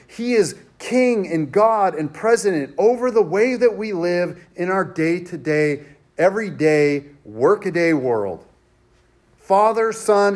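A man's voice: sits high, a little mellow. A man as pastor preaching a sermon with an emphatic, repetitive cadence.

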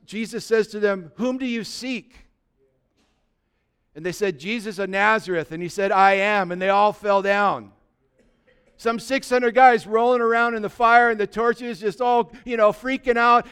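A man preaching a Good Friday sermon, retelling the story with animated, humorous asides. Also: high voice, smooth. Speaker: pastor.

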